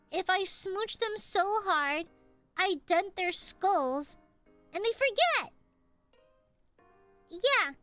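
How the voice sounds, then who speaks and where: A woman's voice: extremely high pitch, pushed and bright, no room sound. A young woman streaming from home, chatting with viewers in a playful, teasing, affectionate way. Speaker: VTuber streamer. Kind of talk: casual live-stream chat with viewers.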